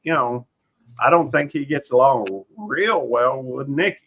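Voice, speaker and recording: A man's voice: medium pitch, animated, slightly rough. Man rambling on about his dogs, lots of uhs, muffled lo-fi audio. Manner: rambling, halting, many fillers. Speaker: live stream panelist. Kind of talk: casual chat. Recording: dull lo-fi stream audio.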